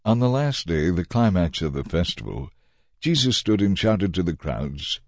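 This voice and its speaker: A man narrates a dramatized scripture reading in a deep, dark voice. His intonation is lively and expressive. The sound is dry and close, with soft music underneath. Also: moderate pace, no echo. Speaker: scripture reader.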